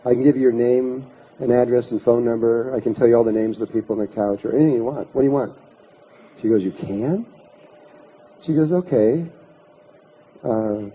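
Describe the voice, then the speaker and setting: A man's voice: mid-range voice, slight background noise. A man giving a workshop talk, telling a long story and acting out what people said. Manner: anecdotal, acts out quoted voices, many restarts. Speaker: workshop speaker. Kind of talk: storytelling lecture. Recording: dull lo-fi recording.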